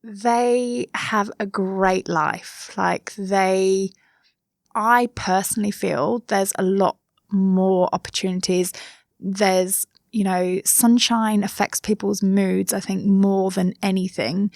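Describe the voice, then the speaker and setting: Thirties woman, Somerset English accent, gravelly edge, relaxed chatty guest. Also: mid-range voice, slow pace, no room sound, studio quality. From England. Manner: chatty, with many fillers and asides. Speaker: interview guest. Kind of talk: casual interview chat.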